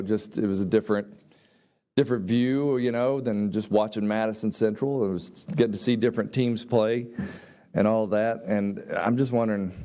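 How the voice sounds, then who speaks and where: A man's voice: lowish voice, warm tone. A man emceeing a hall of fame banquet, introducing inductees in a folksy, admiring way. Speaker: master of ceremonies. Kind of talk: ceremony introductions.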